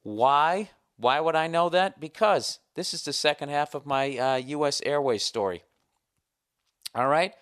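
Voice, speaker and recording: A man's voice: on the high side, measured pace, a bit bright, clear, resonant tone. A man in his forties hosting a podcast, ranting profanely in a casual comedic monologue and reading his own letter in a mock-formal tone. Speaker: podcast host.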